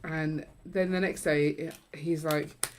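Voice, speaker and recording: Woman co-host, low-pitched, chatty and quick to laugh, light noise. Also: fairly even intonation. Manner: chatty, storytelling, laughs easily. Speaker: co-host of a Lego build livestream. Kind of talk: casual chat while building.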